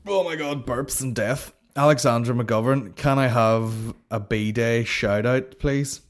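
A man's voice: mid-range voice, slow pace. A man hosting a comedy podcast, rambling in profane, sarcastic banter. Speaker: podcast host.

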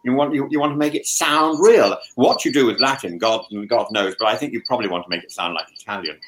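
A man chatting as a guest, talking with many stammering restarts and animated opinions. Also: medium pitch, quick pace, background noise. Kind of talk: casual discussion.

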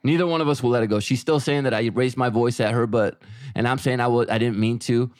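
A man's voice: mid-range voice, fairly even intonation, fast, a little mellow, dry recording, studio quality. A middle-aged man co-hosting a podcast, telling a story in casual chat and quoting himself and his wife. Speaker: podcast co-host.

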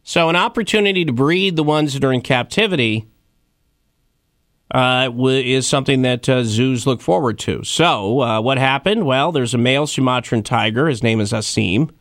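A man's voice: medium pitch, moderate pace, fairly bright tone, dry recording, clean studio sound. A man in his thirties hosting a casual comedy chat about odd news stories, joking and rambling with fillers and asides. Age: 30s. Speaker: host.

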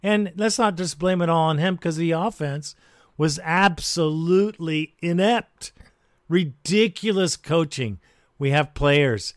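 A man hosting a sports call-in radio show, giving blunt, measured commentary. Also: on the high side, no echo, studio quality.

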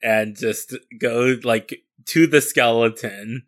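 A man's voice: medium pitch, slow, a bit bright, no echo, studio quality. A man playing a tabletop game, laid-back and joking as he describes his character's actions. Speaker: player.

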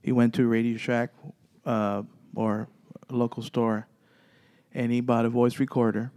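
Guy telling a ghost hunting story, mellow low-key voice, lots of uhs and restarts, acts out the other people. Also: flat delivery. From Texas. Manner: halting, many fillers and restarts, acts out dialogue. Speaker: paranormal investigation group leader. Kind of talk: storytelling guest chat.

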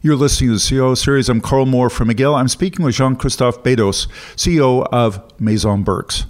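A male podcast host with a middle-pitched voice, putting questions to a guest in a friendly, joking way. The recording is dry and close, with no room sound. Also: a little fast, no echo. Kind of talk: interview questions.

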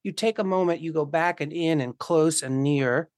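Casting: man, fairly high-pitched, impassioned casual talker who curses freely, close and dry sound. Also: moderate pace, dry recording. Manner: impassioned, swears often, acts out quoted voices. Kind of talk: casual conversation.

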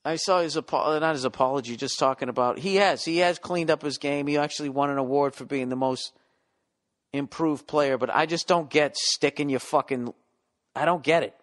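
A man's voice: fairly high pitch, normal speed. A middle-aged man ranting casually and profanely as a podcast host, sounding exasperated.

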